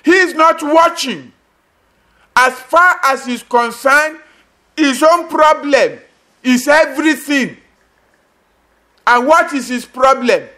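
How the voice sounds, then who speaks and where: Pastor guy preaching, really high voice, repeats himself for emphasis, sudden loud bits. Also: slow pace, long pauses. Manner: emphatic, repetitive preaching with sudden bursts and drops. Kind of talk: sermon.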